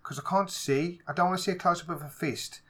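A man with a Black Country accent, co-hosting a casual movie podcast, talking in a lively way, swearing freely and acting out scenes in raised voices. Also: high voice, fast. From England. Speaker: podcast co-host. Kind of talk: casual movie review chat.

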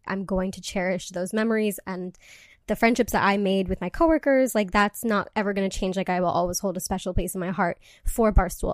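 A woman's voice: medium pitch, no echo. Chatty woman podcast host, dry close mic. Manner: chatty, many fillers like "um" and "like". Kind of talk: casual podcast chat.

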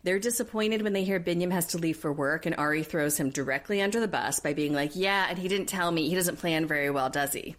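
Low-voiced chatty woman podcast host. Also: a little fast, hardly any pauses. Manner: chatty, animated, sarcastic quips. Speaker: podcast co-host recapping a reality show. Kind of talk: casual chat.

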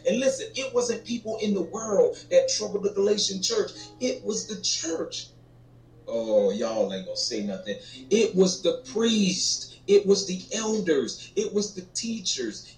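A man preaching a rousing sermon, calling out to his listeners and breaking into sudden high cries. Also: a little mellow. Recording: roomy echo, distant from the mic, faint music.

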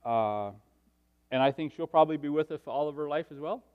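A middle-aged man preaching a sermon, telling personal stories and swinging from hushed asides to loud, animated stretches. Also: a little high, brisk, clear, resonant tone, narrow, tinny audio.

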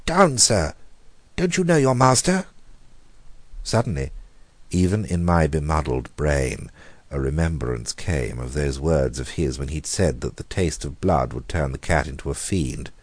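A man narrating a horror story in a measured, grave reading, slowing down for dramatic moments. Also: extremely low pitch, darkish tone, no room sound. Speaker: audiobook reader.

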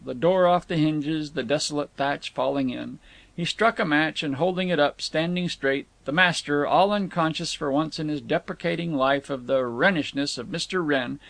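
A man narrating a novel as an audiobook in a steady, measured way. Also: fairly high pitch, gravelly, no echo. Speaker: audiobook reader. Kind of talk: scripted narration.

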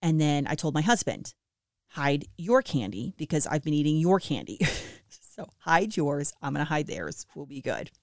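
A woman in her thirties chatting casually and self-deprecatingly to listeners about family life, with lively swings in her voice. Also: deep voice, moderate pace, dry recording, studio quality. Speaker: mom sharing family updates with listeners. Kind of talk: casual chat.

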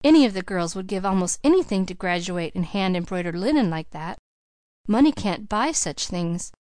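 A woman's voice: medium pitch, lively intonation, normal speed, a little mellow, no echo, close to an everyday voice. A woman reading the part of an emotional young woman about to graduate, speaking in an earnest, heartfelt way. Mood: earnest wonder.

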